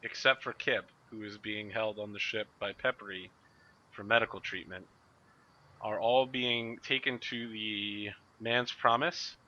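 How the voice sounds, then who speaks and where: A man narrating a tabletop game as game master, briskly and playfully, in a muffled lo-fi recording. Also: on the low side, steady tone, bright, forceful tone.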